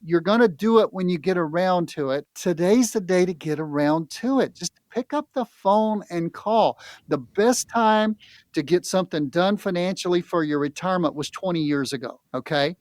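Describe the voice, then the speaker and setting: A man's voice: high voice, moderate pace, a little mellow, dry recording, studio quality. A man who is a financial advisor, hosting a talk radio show with plain-spoken, persuasive storytelling. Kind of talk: folksy talk radio conversation.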